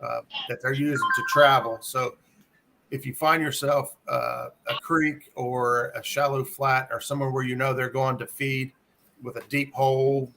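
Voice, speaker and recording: A man with a bright, forceful voice explains fishing tactics on a casual livestream. He walks through each step steadily. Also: medium pitch, a little hiss or hum. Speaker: co-host, river angler.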